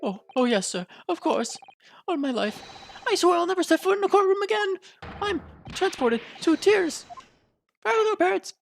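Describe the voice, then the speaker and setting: A woman voicing an excitable young Japanese man who gushes in theatrical, alliterative outbursts. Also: very high voice, moderate pace, vocal fry, a little hiss or hum, pitched above the performer's own voice, heavily acted. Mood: overjoyed.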